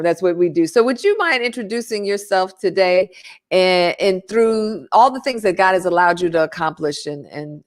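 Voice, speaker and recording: Casual woman hosting a faith talk. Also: lowish voice. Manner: informal, stumbling restarts, addresses audience as y'all. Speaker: host. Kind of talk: online faith talk show.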